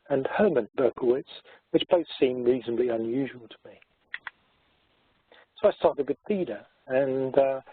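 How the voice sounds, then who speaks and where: A man talks through his family research with plenty of pauses and filler sounds. His voice is slightly husky and very dry, and the recording sounds thin and phone-like. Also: medium pitch, dry recording. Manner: hesitant, many fillers. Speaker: genealogy society chairman giving a talk. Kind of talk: presentation talk.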